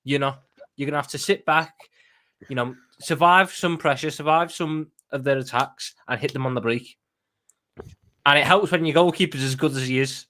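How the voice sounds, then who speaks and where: A man giving fired-up football analysis as a panel guest, repeating words as he pushes his points. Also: fairly high pitch. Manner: fast, emphatic, repeats words when excited. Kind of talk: passionate match analysis.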